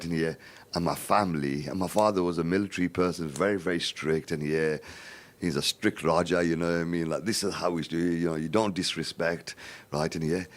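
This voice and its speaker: A middle-aged man recounts his own life story on a live charity appeal. His voice sits very low. He jumps into the voices of the people he quotes and keeps tucking little verbal tics into the telling. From Birmingham, England. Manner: animated storyteller, acts out quoted dialogue, repeats "right, in here".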